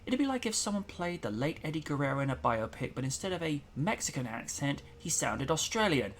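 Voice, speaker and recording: A man's voice: on the high side, very animated, a little fast, a little hiss or hum. A man hosting a casual talk show, chatting in an opinionated, rambling way with plenty of fillers. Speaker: podcast host. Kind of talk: casual chat.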